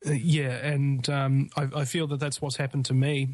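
A male radio host in a casual interview chat, talking in a rambling, animated way with many restarts. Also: mid-range voice, normal speed, no echo.

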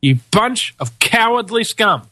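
A man with a New Zealand accent delivering a sarcastic, profane political rant, dropping to low mutters and leaping into high outbursts. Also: sing-song, measured pace, sharp tone, no echo.

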